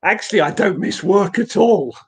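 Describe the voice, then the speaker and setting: A man's voice: high voice, expressive, moderate pace, husky. A man giving an earnest personal testimony in an online question session, telling a story with light laughs, heard over a video call. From England. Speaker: guest speaker.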